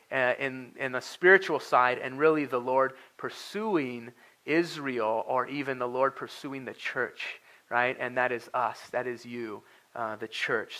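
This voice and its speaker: Youngish guy preaching, kinda high voice, chatty and earnest, lots of uhs. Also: a bit bright. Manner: conversational, earnest, with frequent fillers and restarts. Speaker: pastor. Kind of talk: sermon. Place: church sanctuary.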